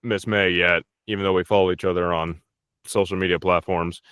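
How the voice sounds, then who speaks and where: Deep-voiced joking young man. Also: level tone, a little fast, a bit bright, smooth, dry recording, clean studio sound. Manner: joking, swears freely, many fillers. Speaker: voice actor guest. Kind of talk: casual interview chat.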